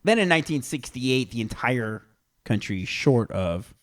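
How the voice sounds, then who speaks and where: In a dry recording, a Canadian co-host of a casual comedy podcast speaks unhurriedly at medium pitch with big pitch swings. Presenting the research, he reads facts aloud before veering into crude jokes.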